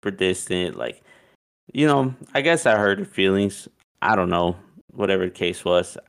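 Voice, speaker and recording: Gravelly deep-voiced man telling a story. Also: lively intonation, normal speed. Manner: loose and profane, heavy use of "like". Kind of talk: casual chat, storytelling.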